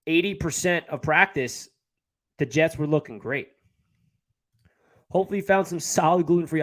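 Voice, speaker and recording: A man's voice: on the high side, a bit bright. A man with a New York area accent hosting a casual live stream, chatting and answering viewer comments as he reads them. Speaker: livestream host.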